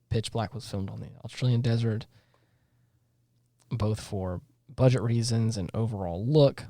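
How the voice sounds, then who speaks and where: A man's voice: lowish voice, warm tone, no echo, studio quality. A man co-hosting a casual podcast, reading film trivia aloud with frequent fillers and small laughs. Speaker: podcast co-host.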